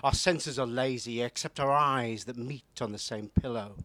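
A man from Newcastle with a soft northern English accent, performing a true-story poem to a live audience, hesitant with ums and dropping into a hushed, intimate reading. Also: medium pitch, moderate pace, no room sound. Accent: soft northern English, not strongly Geordie. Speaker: comedy poet performer. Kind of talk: live spoken-word poetry performance.

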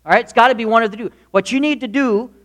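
A man preaching a sermon, animated and humorous, acting out the quotes he reads. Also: extremely high pitch, fast talker.

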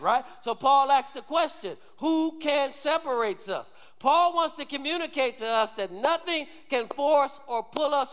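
A man's voice: very high voice, a bit bright, long reverb tail. A male pastor preaching a sermon, calling on the congregation to answer back and say amen. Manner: call-and-response preaching, urging the congregation. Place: church sanctuary.

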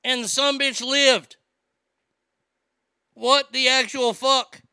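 A man's voice: extremely high pitch, steady tone, takes it slowly, pushed and bright, smooth, no echo, studio quality. A man ranting casually and profanely about movies while reading out listener comments. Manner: swearing, exasperated ranting.

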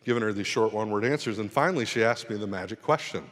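A middle-aged man preaching to a congregation and spinning a self-deprecating story from his own life. His voice sits at an ordinary pitch and rises with energy at the high points of the tale. The sound carries a long reverb, as in a big church hall. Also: fast talker, hardly any pauses. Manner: storytelling, self-deprecating, animated when retelling. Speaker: pastor. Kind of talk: sermon.

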